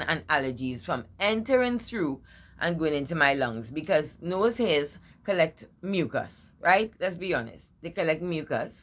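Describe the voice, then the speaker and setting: A woman vlogger speaks in a husky, deep voice. She chats casually and teasingly, drawing out key words for effect. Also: a bit bright. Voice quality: husky low voice. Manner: playful, teasing, with drawn-out emphasis. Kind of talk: casual opinion vlog.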